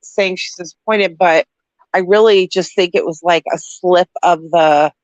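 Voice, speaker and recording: A woman's voice: lowish voice, steady tone, measured pace, dry recording, lo-fi sound. A woman co-hosting a casual livestream chat, rambling with lots of "like".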